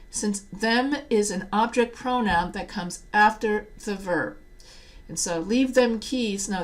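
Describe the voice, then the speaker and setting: A woman writing teacher giving a quiz prep lecture, slowing down to read example sentences aloud. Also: medium pitch.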